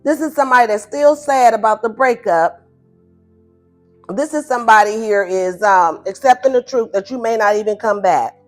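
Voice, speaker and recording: A fairly high-voiced woman gives a casual tarot reading, blunt and animated, laughing and acting out her listener's answers. Faint music plays behind her. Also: moderate pace. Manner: animated and blunt, voices the viewer's replies in higher playful tones, laughs often. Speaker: tarot reader.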